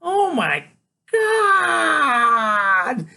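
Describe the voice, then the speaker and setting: Man putting on a squealing brainy kid, high shrill voice, loud and wildly excited, gravelly edge. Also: unhurried, exaggerated voice. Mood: shouting excitedly. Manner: high-pitched excited shouting. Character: excitable brainy small teenage boy, shrieking.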